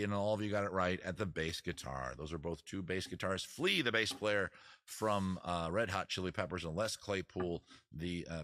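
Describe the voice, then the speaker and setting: A man's voice: lowish voice, fairly bright tone. A man hosting a casual live-stream trivia quiz, joking around and teasing the players. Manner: joking, teasing, crude asides. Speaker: host running a trivia quiz.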